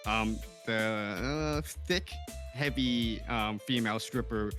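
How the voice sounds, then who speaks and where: A man guesting on a casual podcast as a roleplay streamer, talking animatedly with quick restarts. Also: lowish voice, fairly bright tone, faint music behind. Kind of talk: casual chat.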